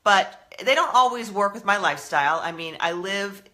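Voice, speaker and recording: Breathless rambling lady on a live stream, bright voice, restarts a lot. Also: medium pitch, animated, normal speed. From Massachusetts, US. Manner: chatty, rambling, self-interrupting. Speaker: style blogger hosting a live stream. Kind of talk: casual live-stream chat.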